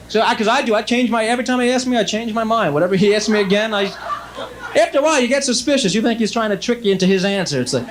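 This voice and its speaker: A young man doing a stand-up routine on stage, chatty, with quick asides and frequent self-interruptions. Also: sits high, animated, a little hiss or hum. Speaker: stand-up comedian. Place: stage before a laughing audience.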